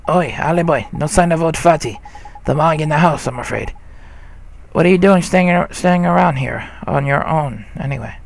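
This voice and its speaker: Guy putting on a cheeky gruff fairy dude, barks orders, gravelly. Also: on the high side, normal speed.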